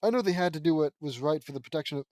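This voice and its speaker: A man's voice: on the high side, racing, darkish tone, no echo, clean studio sound, close to an everyday voice. A man reading the lines of a cheerful teenage boy ninja in an audiobook, barely acted. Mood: plain.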